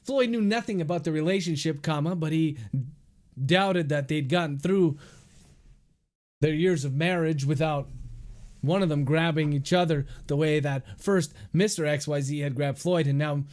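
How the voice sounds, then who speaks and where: A man's voice: on the high side, normal speed, a little mellow. A male author dictating his novel aloud on a livestream, speaking each punctuation mark as he goes.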